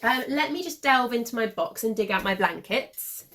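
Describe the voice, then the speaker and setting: A woman in her thirties from the UK hosting a knitting podcast, rambling casually with lots of fillers and self-corrections, a little hoarse as she is losing her voice. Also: a little high, animated, moderate pace, fairly bright tone. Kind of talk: casual show-and-tell chat.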